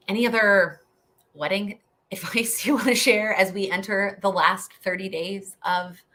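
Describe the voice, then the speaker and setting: A woman's voice: on the low side, sharp tone. A young woman hosting a live Q&A stream, chatty and rambling, laughing often as she answers questions. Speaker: host.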